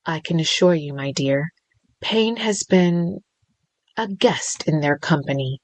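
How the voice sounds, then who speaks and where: A woman's voice: fairly low pitch, lively intonation, a little slow. A woman voicing a smug male crime boss villain with a lilting, sing-song voice, teasing and crooning with mock sympathy.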